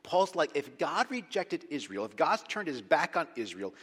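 Man, pastor, sermon, lively pitch, long hall echo. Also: normal speed, hardly any pauses, husky. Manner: animated preaching, swinging from hushed to loud and emphatic.

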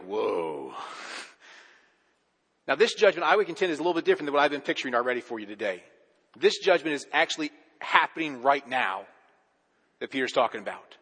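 A male pastor preaching a sermon with rising intensity and dramatic pauses. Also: fairly high pitch, fairly bright tone, slightly rough. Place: church sanctuary. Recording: long reverb of a church hall.

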